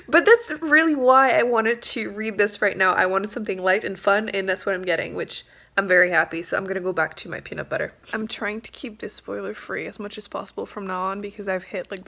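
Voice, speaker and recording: A woman's voice: medium pitch, vocal fry, pushed and bright, a little hiss or hum. A young woman book vlogger chatting casually, giggly and full of fillers. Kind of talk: casual reading vlog chat.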